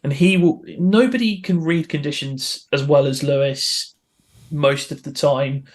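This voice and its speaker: Male co-host, slightly high voice, earnest and opinionated, halting delivery. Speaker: podcast co-host. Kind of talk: casual podcast chat.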